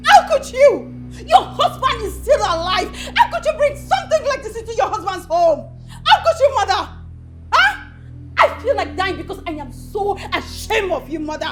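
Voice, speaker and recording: An actress with a Nigerian accent playing an outraged young woman who shouts scornfully and tearfully at her mother, in a film scene. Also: very high-pitched, very animated, a little slow, faint music behind, full character voice. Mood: ashamed, furious. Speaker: daughter confronting her mother. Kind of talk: Nollywood film acting.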